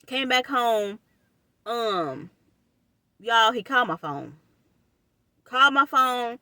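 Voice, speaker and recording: A young woman, telling a personal story to her viewers in an animated, casual way and calling them y'all. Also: on the high side, slow, no echo, studio quality.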